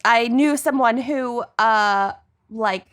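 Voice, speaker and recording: A woman's voice: a little high, takes it slowly, fairly bright tone. A woman co-hosting a podcast in casual chat, laughing often and chiming in with short replies. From Minnesota. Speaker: podcast co-host.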